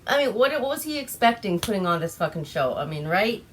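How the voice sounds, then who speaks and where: A woman's voice: medium pitch, sing-song, brisk, slight background noise. A young woman from Alaska casually recapping a movie, tipsy on wine, giggling often and swearing freely. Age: young adult. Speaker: vlogger.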